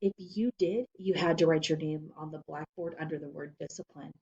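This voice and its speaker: A woman reads a children's story aloud in a calm, even narrating voice. Her voice sits a little low for a woman. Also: brisk, highs cut off. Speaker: reader.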